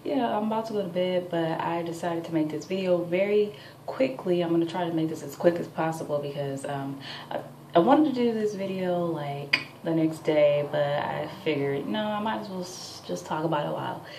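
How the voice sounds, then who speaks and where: This weary twenty-something woman talks to her camera at home late at night, venting chattily and filling gaps with fillers. Her gravelly, slightly mellow voice sits on the low side at a normal speed. The distant mic picks up room echo and faint background noise.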